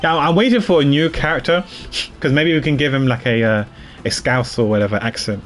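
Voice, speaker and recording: A man's voice: mid-range voice, a little fast. A man chatting casually while streaming a game, laughing easily. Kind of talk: casual gameplay commentary.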